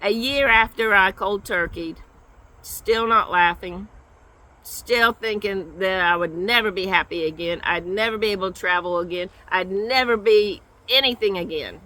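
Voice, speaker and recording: An older woman giving an earnest personal testimony, telling her story slowly with lots of repetition. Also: medium pitch, pushed and bright, low-quality recording. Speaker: guest sharing her recovery story.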